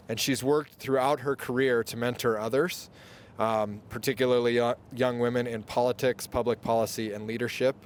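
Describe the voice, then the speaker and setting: A man with a mid-pitched voice acts as emcee at an outdoor press event, reading an introduction into a podium microphone. He keeps things light and pokes fun at himself. Faint noise hums behind him. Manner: light, self-deprecating.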